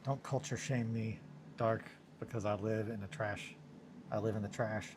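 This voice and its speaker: A man's voice: on the low side, steady tone, normal speed, noisy background. A man chatting casually and rambling with viewers from his home studio, self-mocking and swearing now and then. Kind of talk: casual chat.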